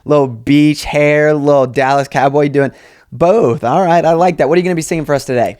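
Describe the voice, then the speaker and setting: A hyped talent-show judge put on by a woman cheers the contestant along. The voice is extremely low for a woman. The judge's manner is eager and playful. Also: a little fast, a little mellow, lightly acted.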